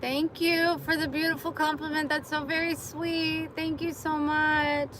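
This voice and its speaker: A woman's voice: high-pitched, little pitch movement, a little slow, a bit bright, a little hiss or hum. A woman vlogger live-streaming casually from her car, chatty and thankful to viewers.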